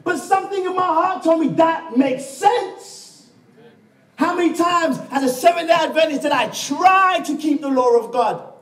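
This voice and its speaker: A male preacher with a high, swooping voice tells his testimony as a story, playing out each voice as he goes. He calls out to the congregation for amens. He sounds roomy and echoey, picked up from a distance in a church hall. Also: expressive, normal speed, fairly bright tone. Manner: storytelling, acting out quoted dialogue and calling for amens. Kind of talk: sermon with personal testimony. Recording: echoey room, mic far off.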